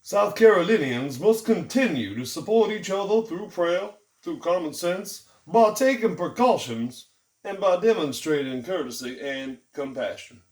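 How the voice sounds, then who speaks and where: An older Southern governor with a long, hard drawl addresses the public solemnly, as a man puts on the voice. The pitch sits higher than the speaker's own voice. The voice sounds roomy and set back from the mic. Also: expressive, unhurried, recorded from a distance.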